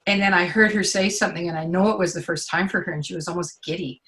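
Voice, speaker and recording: A woman's voice: lowish voice, quick pace. Chatty woman sharing a testimonial. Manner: chatty, animated storyteller. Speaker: client giving a testimonial. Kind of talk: casual conversation.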